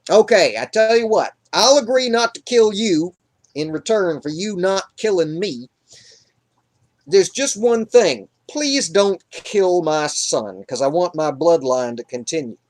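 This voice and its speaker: A man's voice: high voice, expressive, measured pace, pitched above the performer's own voice. A man doing a grumbling, cursing king. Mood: exasperated. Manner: profane, exasperated.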